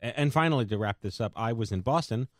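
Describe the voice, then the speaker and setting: A man's voice: mid-range voice, fast, no echo, studio quality. A man hosting a podcast, chatty and joking, sometimes tripping over his words. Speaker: podcast host. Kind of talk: casual chat.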